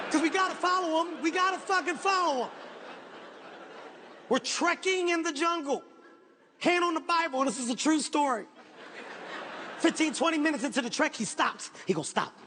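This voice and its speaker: A man performing stand-up comedy on stage, telling a story in a loud, animated, profane way. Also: very high-pitched, normal speed, pauses often. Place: stage before a live audience. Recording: echoey hall, faint noise.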